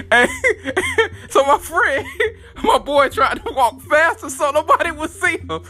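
A man's voice: very high voice, animated, slow, sharp tone, soft background music. A man hosting a podcast, talking straight to his listeners in a loose, profane, casual way. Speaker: podcast host. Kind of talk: casual comic storytelling.

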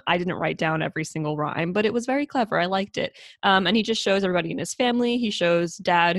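A woman's voice: lowish voice, fairly bright tone, no echo, studio quality. A woman in casual podcast chat, giggly and full of fillers, recounting a film's plot. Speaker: podcast co-host. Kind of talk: casual movie recap chat.

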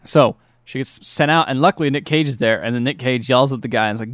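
A man recapping a film on a podcast, rambling and stopping with lots of fillers. His voice sits at a middle pitch. The sound is dry and close. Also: a bit bright, no room sound. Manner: rambling, halting, with many fillers. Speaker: podcast host.

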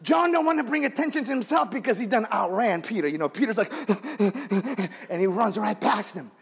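A male guest preacher giving an animated, dramatic storytelling sermon on a handheld microphone, calling out to his congregation, with a husky voice. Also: sits high, normal speed. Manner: animated, emotive, calls on the congregation. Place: church sanctuary. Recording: long reverb in a large church hall.

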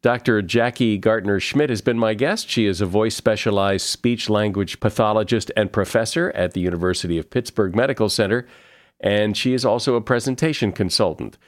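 Low-voiced man hosting an interview. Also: fairly quick, dry recording, studio quality. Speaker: podcast host. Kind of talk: interview conversation.

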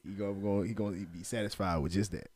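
A man's voice: lowish voice, steady tone, racing, a little mellow, no echo, clean studio sound. A man co-hosting a podcast, playfully ribbing his friends. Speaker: podcast co-host. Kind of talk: casual podcast banter.

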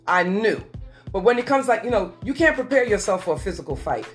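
A woman telling a personal story as a guest in an earnest, repetitive way, slowing down for emphasis. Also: mid-range voice, big pitch swings, faint music behind. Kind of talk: emotional personal testimony.

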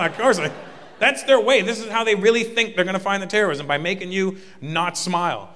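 Stand-up comedian, male, from Canada: bright and punchy, recorded live in a reverberant hall. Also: high voice, fairly quick. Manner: animated storytelling, punchy exaggerated delivery. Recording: live hall with audience laughter.

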